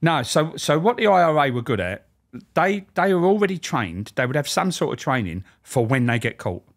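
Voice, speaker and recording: A man's voice: a little high, very animated, moderate pace. Blunt, sweary man telling prison stories. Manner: blunt, sweary, rambling with restarts. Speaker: former prison officer. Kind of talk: casual storytelling interview.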